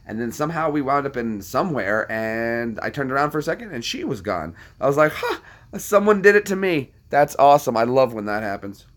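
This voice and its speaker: A man's voice: mid-range voice, lively intonation, a little fast, hardly any pauses. A man hosting a casual chat, talking to his viewers in a rambling way full of anecdotes and repetitions. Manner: rambling, anecdotal, repeats himself.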